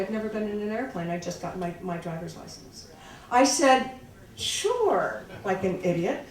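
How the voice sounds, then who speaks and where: A woman telling a personal story live on stage, halting with restarts and wry, laughing asides. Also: on the high side, a little mellow. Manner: halting, many restarts and fillers. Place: small live venue. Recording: echoey, far-off room mic.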